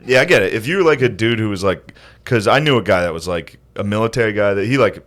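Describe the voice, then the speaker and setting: A man's voice: on the low side, lively intonation, fast, a bit bright. A man co-hosting a podcast, in crude, joking casual chat with frequent laughter. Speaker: podcast co-host.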